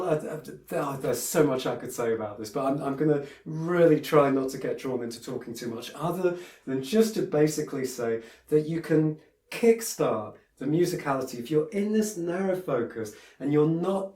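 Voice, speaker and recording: A man's voice: fairly high pitch, a little mellow. A man giving a piano lesson, talking in a chatty, digressive way with many fillers and restarts. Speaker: piano teacher. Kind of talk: piano tutorial. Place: room with a piano. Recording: roomy, a bit far from the mic, piano in the room. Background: piano playing.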